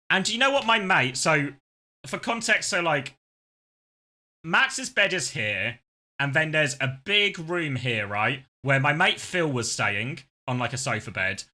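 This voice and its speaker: A man's voice: fairly high pitch, sharp tone. A man streaming, telling a casual story with lots of laughter and the odd swear word.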